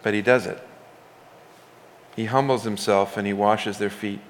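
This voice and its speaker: Preaching in a conversational tone, this pastor puts a scripture story into his own words and builds toward emphasis. He has a fairly low voice with fairly even intonation at normal speed, heard through long hall reverb.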